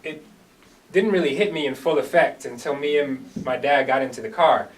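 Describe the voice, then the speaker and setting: Recorded from a distance, a man with a mid-range voice talks at a normal speed. He opens hesitantly with fillers, then performs a sincere first-person dramatic monologue in an earnest storytelling manner.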